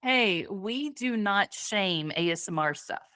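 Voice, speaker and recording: A woman's voice: mid-range voice, expressive, takes it slowly, bright, forceful tone, clean tone, no room sound, clean studio sound. A young woman co-hosting a podcast, chatting casually with lots of fillers and frequent laughter. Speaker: podcast co-host. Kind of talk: casual chat.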